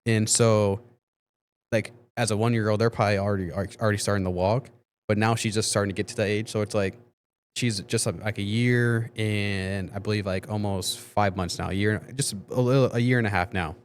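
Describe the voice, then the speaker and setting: A man's voice: lowish voice, steady tone, fairly quick. A man talking as a guest on a podcast, rambling casually with lots of fillers and frequent swearing. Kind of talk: casual conversation.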